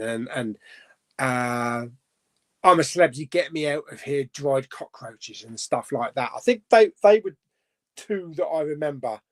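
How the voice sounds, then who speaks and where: Chatty rambling man hosting a live chat. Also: mid-range voice. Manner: rambling, chatty, self-correcting, laughs often. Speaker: live stream host. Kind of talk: casual live chat reading viewer comments.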